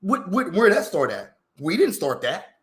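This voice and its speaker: Guy ranting on a vlog, cussing, tons of slang, high voice, echoey room. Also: measured pace. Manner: animated, swearing, heavy slang, rhetorical questions. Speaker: vlogger. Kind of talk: profane, rambling opinion rant. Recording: roomy echo.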